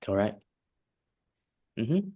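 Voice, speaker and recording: Male English tutor, lower voice, emphatic and repetitive coaching, frequent check-ins. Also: sing-song, very slow, warm tone, breathy edge. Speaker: English teacher. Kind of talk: one-on-one lesson feedback.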